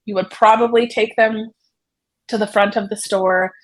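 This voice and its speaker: A woman psychotherapist, a guest on the show, explaining an idea through a vivid, expressive story told in a conversational way. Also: medium pitch, normal speed, poor audio. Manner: vivid, expressive storyteller who paints scenes for the listener.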